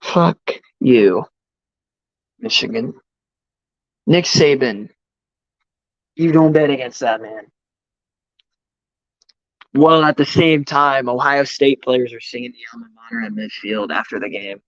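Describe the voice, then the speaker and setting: A man's voice: medium pitch, measured pace, long pauses, no room sound. A man on a casual live stream, ranting about college football, swearing heatedly and greeting chat viewers. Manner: profane, heated sports ranting. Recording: dry, slightly dull mic sound.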